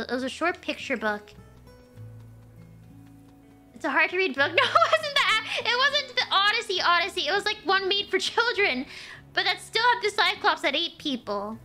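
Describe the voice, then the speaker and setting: Lively high-voiced woman streamer. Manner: animated, chatty storyteller. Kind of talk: casual gameplay chat.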